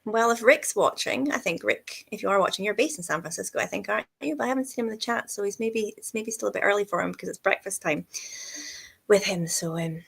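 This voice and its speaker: A woman hosting a casual livestream interview, bubbly and quick, laughing often and poking fun at herself. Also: mid-range voice, creaky, fairly bright tone, breathy edge. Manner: bubbly, quick, self-deprecating, laughs a lot. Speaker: host.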